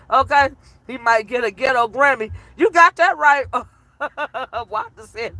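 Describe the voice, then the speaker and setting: A woman giving animated, laughter-filled reaction commentary to her livestream chat, teasing and petty. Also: sits high, measured pace, no room sound.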